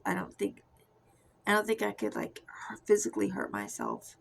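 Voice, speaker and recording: A young woman giving a soft, confessional personal testimony that often drifts into a whisper. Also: medium pitch, wildly swooping pitch, moderate pace, vocal fry, slight background noise, rough recording. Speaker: Christian testimony speaker.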